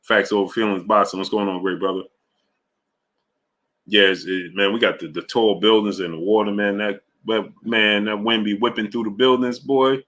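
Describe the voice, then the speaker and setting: A New York man hosts a casual livestream, running through viewer names with slangy greetings. His voice sits low. It has a bright, forceful edge. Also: fairly even intonation, moderate pace. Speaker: livestream host.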